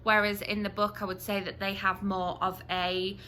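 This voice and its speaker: A woman's voice: mid-range voice, flat delivery, moderate pace, bright, forceful tone, slight background noise. A woman from the UK chatting to camera as a book review vlogger, with frequent ums and restarts.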